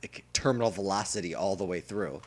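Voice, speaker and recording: A man's voice: low voice, fairly quick. A man hosting a casual podcast, enthusiastic and explaining things step by step. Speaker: podcast host.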